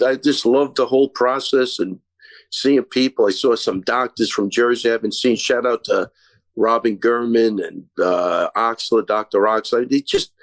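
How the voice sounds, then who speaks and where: A man's voice: on the low side, no echo. A man, an MMA coach who is a guest on a podcast, talking casually in a rambling, effusive way, restarting sentences and swearing freely.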